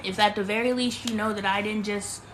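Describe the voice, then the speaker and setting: A woman's voice: mid-range voice, fairly even intonation, fairly quick, noisy background. A woman hosting a casual livestream from her bedroom, talking emphatically and preaching, often repeating herself. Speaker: livestream host.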